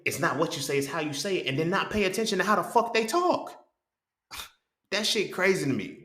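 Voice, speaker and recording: A man's voice: fairly high pitch, bright, forceful tone. A man hosting a casual monologue, blunt and profane, who keeps checking in with the listener. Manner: blunt and profane, keeps asking "you feel what I'm saying?". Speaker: host. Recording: roomy echo.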